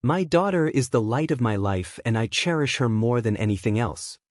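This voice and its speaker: A man reading as a weary monotone hero-teacher. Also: mid-range voice, moderate pace, dry recording, clean studio sound, natural voice. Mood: blunt. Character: weary, blunt adult male hero-teacher and protective father.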